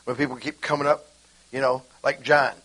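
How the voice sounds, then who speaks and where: A man preaching an informal sermon, animated and acting out conversations with God. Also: mid-range voice, a little fast, breathy edge, rough recording.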